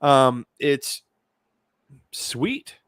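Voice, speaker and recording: A man co-hosting a podcast, describing beer flavors in a casual, halting way full of restarts. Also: medium pitch, sing-song, a bit bright, smooth, dry recording, studio quality. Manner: hesitant, lots of restarts and fillers, descriptive. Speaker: podcast co-host. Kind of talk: casual chat, beer review.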